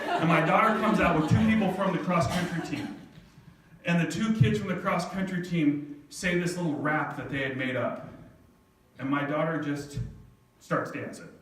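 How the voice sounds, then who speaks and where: A middle-aged man telling a personal story to an audience, animated and self-mocking, often laughing. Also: on the high side, a little fast. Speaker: speaker at a live event. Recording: echoey hall from far off, faint noise.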